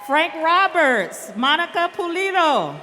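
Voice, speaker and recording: A woman announcing award winners at a school assembly, reading names slowly and calling each one up to the stage. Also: extremely high pitch, sing-song, sharp tone, some chatter behind, a little hiss or hum. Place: large school hall or auditorium. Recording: reverberant hall, faint ambience.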